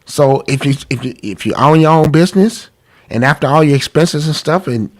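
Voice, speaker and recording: A man's voice: a little high, moderate pace. A man hosting a live-streamed talk about money, congested from a cold, earnest and pleading, repeating himself. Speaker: podcast host.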